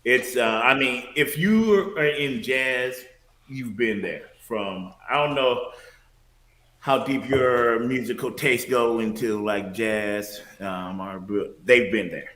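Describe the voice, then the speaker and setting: A man from Detroit, a former bouncer, chatting as a podcast guest in a relaxed, storytelling way. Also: medium pitch, takes it slowly. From Detroit, USA. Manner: relaxed, storytelling, laughs easily. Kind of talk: casual chat. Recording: echoey room.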